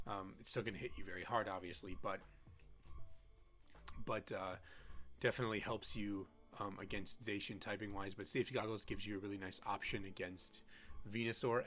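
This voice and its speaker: A man giving casual strategy commentary on a competitive Pokemon team, halting often with "um"s and restarting his sentences. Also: lowish voice, fairly bright tone. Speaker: competitive Pokemon player and content creator.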